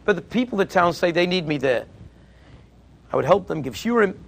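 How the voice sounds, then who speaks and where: Creaky-voiced man telling Torah stories. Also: high-pitched, fairly quick. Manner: emphatic, animated storyteller. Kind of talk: Torah lecture storytelling.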